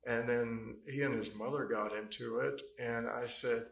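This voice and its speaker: A man's voice: mid-range voice, steady tone, a little slow, creaky, fairly bright tone. A man giving witness testimony in a courtroom, telling his account at length in a rambling, hesitant way full of fillers. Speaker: trial witness. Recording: echoey courtroom mic.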